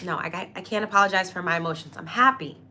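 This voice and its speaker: A woman's voice: fairly low pitch, fast talker, bright, forceful tone, a little hiss or hum. A young woman hosting a casual astrology talk, effusive and grateful, speaking directly to her viewers and getting teary with happiness. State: tearful with happiness. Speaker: astrology livestream host.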